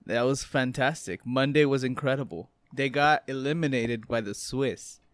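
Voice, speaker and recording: A man chatting loosely on a podcast, laughing as he goes and dropping casual swears. His voice sits at an everyday pitch, and the sound is close and dry with no room echo. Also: moderate pace. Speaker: podcast co-host. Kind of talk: casual chat.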